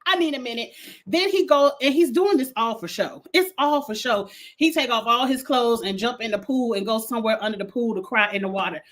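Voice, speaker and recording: Brief: young woman, sassy and blunt, bright higher voice, casual vlog rant. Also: brisk. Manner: sassy, blunt, animated, cursing freely. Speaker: reality TV reviewer.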